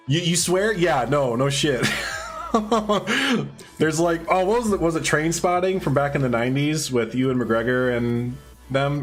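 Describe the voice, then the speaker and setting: A man streaming live, chatting casually with viewers as he builds, rambling and laughing often while answering their messages. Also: fairly high pitch.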